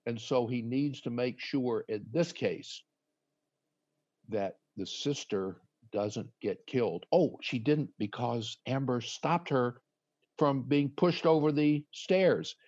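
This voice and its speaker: A man's voice: mid-range voice, takes it slowly, darkish tone, no room sound, dull audio. A man appearing as a guest attorney, talking with playful wordplay and courtroom flair.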